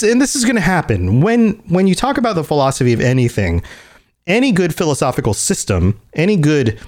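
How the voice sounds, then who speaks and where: A man's voice: fairly high pitch, a little mellow. A man hosting a podcast, talking casually and thinking aloud with frequent restarts. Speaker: podcast host.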